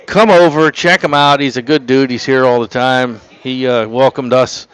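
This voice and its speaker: A man's voice: medium pitch, fairly even intonation, moderate pace, fairly bright tone, clean tone, low-quality recording. A man hosting a casual on-location radio interview, joking and laughing, and losing his voice. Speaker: radio show host.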